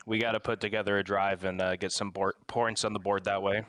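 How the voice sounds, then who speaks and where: A man talking as a coach in a slow, measured, halting way. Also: fairly low pitch, little pitch movement, a bit bright. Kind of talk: casual chat.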